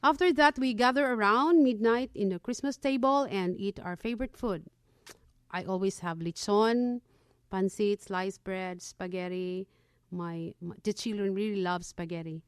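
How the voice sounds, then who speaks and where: A woman's voice: medium pitch, moderate pace, smooth, no room sound, clean studio sound. A woman from the Philippines co-hosting a community radio show, reading a prepared segment and listing items one by one. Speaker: radio co-host.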